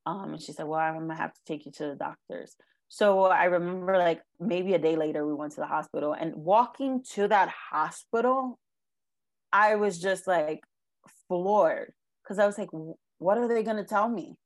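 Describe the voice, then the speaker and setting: A young woman with a slightly low voice tells her own hard story in an interview. She speaks earnestly and haltingly, often pausing on "um" and "like." She sounds close to tears. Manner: earnest, halting, with many ums and likes. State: emotional, near tears. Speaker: guest sharing her life story. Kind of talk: emotional personal testimony.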